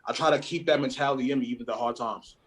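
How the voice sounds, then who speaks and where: A young man speaking as a guest in a personal conversation, halting and searching for words, with casual slang. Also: medium pitch.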